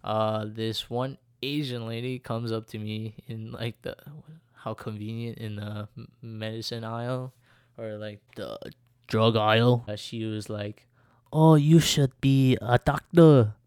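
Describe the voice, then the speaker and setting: A man's voice: fairly low pitch, little pitch movement, a little slow, clear, resonant tone, dry recording, clean studio sound. A young man hosting a casual solo podcast, rambling, laughing often and correcting himself as he goes. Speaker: podcast host.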